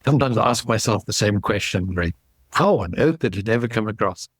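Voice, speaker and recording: A man in his sixties from South Africa, with a South African accent softened by English, telling his story at an easy, measured pace as an interview guest over a video call. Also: lowish voice, animated, slightly rough, dry recording. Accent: South African with some English. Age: 60s. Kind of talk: casual interview.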